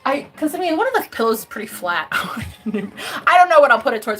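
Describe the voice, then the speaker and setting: Bubbly, animated woman livestream host. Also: on the high side, a little fast, breathy edge. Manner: effusive, bubbly, calls viewers babe and honey; chanting affirmations. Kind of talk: casual livestream chat.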